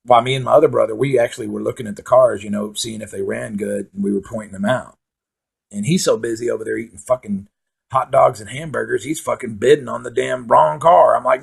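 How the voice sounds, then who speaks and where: Gravelly-voiced man telling profane stories. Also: medium pitch, fairly even intonation, fast talker. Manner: profane rambling with filler words. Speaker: comedian host. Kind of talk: casual stand-up storytelling.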